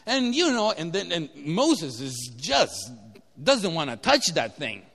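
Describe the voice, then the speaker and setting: Animated high-voiced preacher in a hall. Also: male voice, takes it slowly, creaky. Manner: animated, asks the audience questions. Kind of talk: sermon. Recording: echoey hall.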